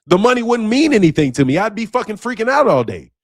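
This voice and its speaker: A man with a high-pitched voice hosts a boxing channel and delivers a casual monologue to camera. He talks in an emphatic, repetitive way, swearing often and pressing his points with intensity. The sound is dry and close, with no room echo. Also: very animated, fast. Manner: intense and confrontational.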